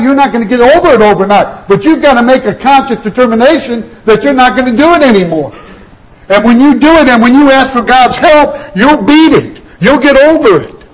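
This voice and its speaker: High-voiced earnest man preaching. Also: low-quality recording. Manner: earnest exhortation with repeated "you've got to" phrases; slows and drops quieter on key points. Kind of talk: sermon.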